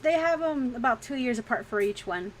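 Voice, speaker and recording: A woman's voice: fairly high pitch, animated, a little fast, a little hiss or hum. A woman streaming while she draws, chatting casually and frankly, laughing often and swearing freely. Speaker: streaming artist. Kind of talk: casual chat during a drawing stream.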